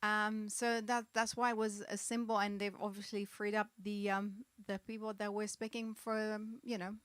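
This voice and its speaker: Woman co-host, um-ing a lot, dry sound, middle pitch. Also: level tone, moderate pace, fairly bright tone, clean tone, no room sound. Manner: hesitant, lots of fillers. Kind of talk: casual livestream chat.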